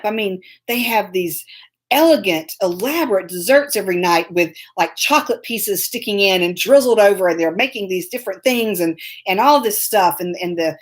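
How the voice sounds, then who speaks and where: A woman hosting a live online show from a phone on a tripod. She rambles through a story in casual chat, laughing often and breaking off to greet viewers by name. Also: mid-range voice. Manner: laughs often while telling stories.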